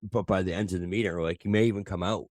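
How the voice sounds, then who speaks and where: A man's voice: low-pitched, steady tone, racing, a little mellow, dry recording, clean studio sound. A man co-hosting a sports podcast in casual chat, rambling and swearing freely, often restarting his sentences. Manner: rambling and profane, with many restarts. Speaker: podcast co-host.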